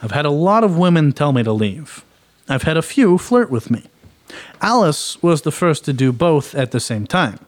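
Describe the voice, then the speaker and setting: A man's voice: fairly high pitch, sing-song, moderate pace. An actor playing a wry private eye who narrates his own story in hardboiled style, with dry wisecracks. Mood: narrating.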